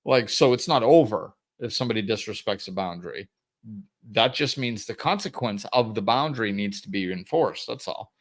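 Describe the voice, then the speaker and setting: Low-voiced guy hosting his podcast, chatty and loose, chuckling a bit. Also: lively intonation, moderate pace. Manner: conversational, with restarts and chuckles; acts out angry callers in a raised voice. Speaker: podcast host. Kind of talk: casual monologue on boundaries.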